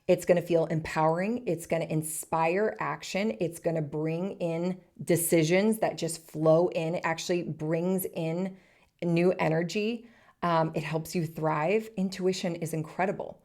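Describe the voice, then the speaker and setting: A woman in her thirties hosting a solo podcast, earnest and encouraging, speaking in short soft phrases. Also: sits low, steady tone, normal speed. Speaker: podcast host.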